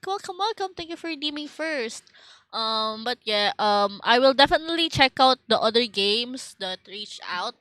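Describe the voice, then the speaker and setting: A woman's voice: mid-range voice, bright, forceful tone, no echo, rough recording. A young Filipino woman streamer with a Filipino accent, chatting casually and rambling with lots of fillers and restarts. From Philippines.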